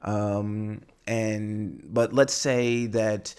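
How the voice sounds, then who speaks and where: A man's voice: lowish voice, flat delivery, drawn-out words, darkish tone, smooth. A man hosting a podcast for English learners, explaining language in a rambling way with many fillers and tag questions. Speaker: podcast host and English teacher. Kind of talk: casual teaching monologue.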